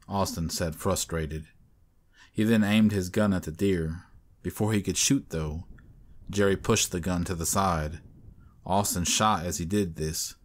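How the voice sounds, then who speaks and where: A man narrating a scripted horror story in a measured, even storytelling manner. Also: low voice.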